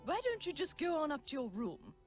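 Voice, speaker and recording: A woman's voice: high voice, wildly swooping pitch, a little fast, soft background music. A brusque older lady of the manor. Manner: clipped, dismissive.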